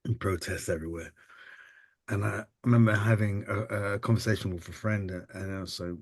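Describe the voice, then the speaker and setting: A man telling his story as an interview guest, halting and reflective, full of ums and restarts. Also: on the low side, steady tone, dry recording. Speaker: interview guest, photographer and artist.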